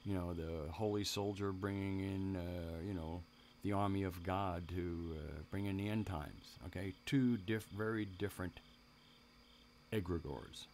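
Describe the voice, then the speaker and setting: A man's voice: sits low, steady tone, a little slow, darkish tone, slight background noise. A man hosting a live stream, talking casually in a rambling way, with many restarts and asides to his viewers in the chat.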